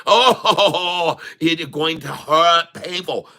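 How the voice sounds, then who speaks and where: A man voicing a loud comic male friend who speaks broken English, with exclamatory, singsong repetitions. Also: a little high, slow pace, creaky, full character voice. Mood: gleeful mocking.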